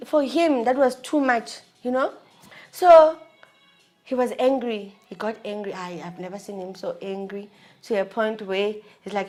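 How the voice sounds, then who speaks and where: A woman with a South African accent, a vlogger candidly telling a personal story in a slangy, animated way. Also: mid-range voice, unhurried.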